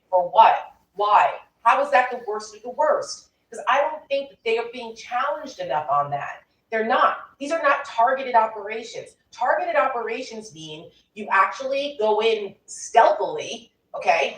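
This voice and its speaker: A woman commentator on a political panel, speaking with indignant, emphatic force. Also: medium pitch. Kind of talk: heated political discussion. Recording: roomy echo from a distant mic.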